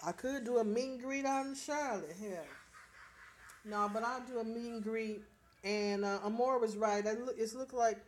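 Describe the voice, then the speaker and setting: A woman's voice: on the high side, normal speed. A middle-aged woman, chatting casually on a livestream, reading viewer comments aloud and often laughing as she talks straight to her viewers. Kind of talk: casual live chat.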